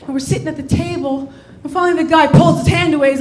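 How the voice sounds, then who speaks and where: A young woman doing a stand-up comedy set on a club stage, telling stories in a brash, swearing, animated way. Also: sits high, fast, echoey room.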